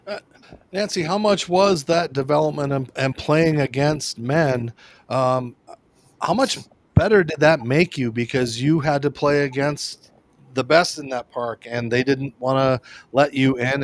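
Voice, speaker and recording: A man hosting a talk show, asking a guest long, earnest questions. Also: medium pitch. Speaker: host. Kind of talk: interview questions.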